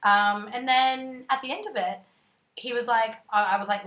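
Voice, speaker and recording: A woman, telling a dating story in casual chat, animated and swearing freely. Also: a little high, normal speed. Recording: roomy echo.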